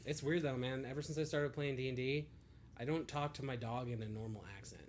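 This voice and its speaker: A young man co-hosts a podcast in loose, profane banter at a middle pitch. Faint background noise sits behind his voice. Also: brisk. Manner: relaxed, profane, laughs often. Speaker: podcast co-host. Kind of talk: casual chat.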